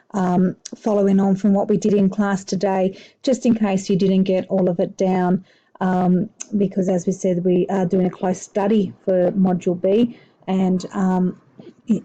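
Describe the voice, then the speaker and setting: A woman's voice: medium pitch, warm tone, lo-fi sound. A woman English teacher talking through a poem in a recorded lesson, explaining at an easy pace with many hesitations and fillers.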